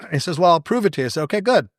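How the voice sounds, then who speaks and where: Rapid-fire and high-voiced, a man appears as a podcast guest, recorded dry with clean studio sound. He tells stories in conversation, animatedly voicing the dialogue he quotes, with a wry, self-deprecating humor.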